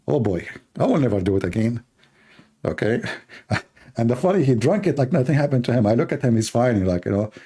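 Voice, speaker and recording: A man with a gravelly, dark-toned voice riffs through a live-stream monologue. He jokes and teases as he talks, stumbling over his grammar and restarting his sentences. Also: medium pitch. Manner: animated, joking, teasing, with halting non-native grammar. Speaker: live-stream show host.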